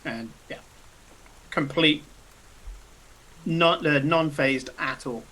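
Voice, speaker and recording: A man's voice: a little high, takes it slowly, pushed and bright, rough recording. A man with an Oxfordshire-tinged English accent, chatting casually as a player at a game table, stumbling and repeating words.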